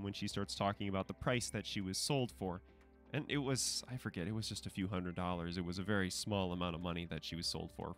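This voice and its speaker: A man's voice: on the low side, fairly bright tone. A man giving casual spoken commentary to camera, conversational and hedging, with frequent fillers and restarts. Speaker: commentary channel host.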